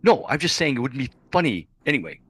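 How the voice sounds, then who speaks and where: A man's voice: medium pitch, sing-song, fast talker, a crowd in the background. A man rambling enthusiastically while playing a tabletop game. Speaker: player. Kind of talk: casual tabletop play.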